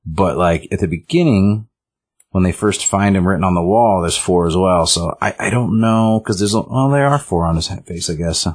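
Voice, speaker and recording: Very low-voiced man recapping a comic in casual chat, rambling, full of fillers and restarts. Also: moderate pace, a little mellow.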